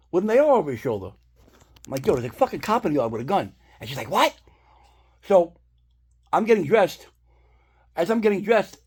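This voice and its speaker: A man's voice: a little high, husky. A man rambling through a casual storytime, swearing often as he retells events. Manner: rambling, profanity-laced, animated retelling. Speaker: vlogger telling a story.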